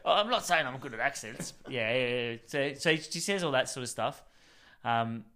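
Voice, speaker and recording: A man's voice: mid-range voice, animated, moderate pace, pushed and bright. An Australian man in his forties telling rambling anecdotes in a casual podcast chat. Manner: rambling anecdotes with put-on voices.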